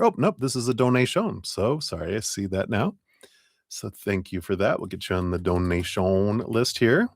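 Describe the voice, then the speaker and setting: A man giving live tarot readings to viewers in a relaxed, chatty way, often laughing as he thanks donors by name. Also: fairly low pitch, vocal fry, no echo, clean studio sound. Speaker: tarot reader.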